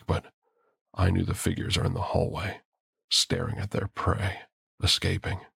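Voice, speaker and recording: A man narrates a first-person horror story with a very deep, gravelly voice full of fry. His tone is husky and rough rather than clean. The recording is close and dry, with no room sound. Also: fairly bright tone, no room sound.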